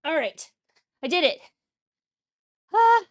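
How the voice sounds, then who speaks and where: A woman's voice: sits high, lively intonation, normal speed, a bit bright. A young woman hosting a home cooking show, chatting casually and joking at her own expense while she cooks. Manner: chatty, self-mocking, talks while cooking. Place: home kitchen.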